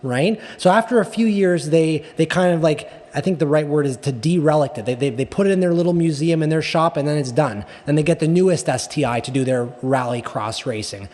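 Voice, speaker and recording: Rambling man with a slightly high voice. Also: fairly quick, few pauses, a little mellow. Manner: rambling with many restarts and tag questions. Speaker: guest, car enthusiast. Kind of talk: casual interview chat. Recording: long reverberant echo.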